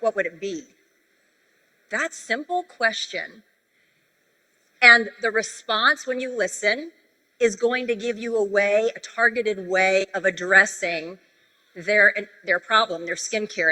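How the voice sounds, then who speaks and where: A woman speaking at a sales convention, coaching the audience in a conversational, animated storytelling manner. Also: mid-range voice. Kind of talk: sales training talk on stage. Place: large convention hall. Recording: reverberant convention hall.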